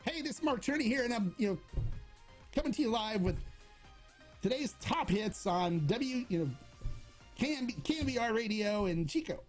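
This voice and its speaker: A man's voice: extremely high pitch, animated, normal speed, pauses often, faint music behind. A man putting on an upbeat male radio DJ voice with announcer patter. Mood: announcing.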